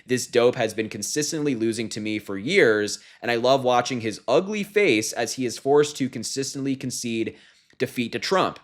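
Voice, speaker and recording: A man's voice: mid-range voice, expressive, moderate pace. A young man giving casual political commentary, sarcastic and incredulous, often laughing at what he reads. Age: young adult.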